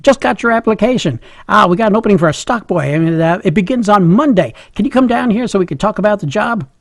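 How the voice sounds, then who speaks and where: A jolly middle-aged store manager, as a storyteller puts him on talks in a raised, bouncy voice that rushes ahead. He is cheery and pushy, with a gravelly edge to the tone. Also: high voice, expressive, no echo, clean studio sound, pitched above the performer's own voice. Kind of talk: storytelling impression.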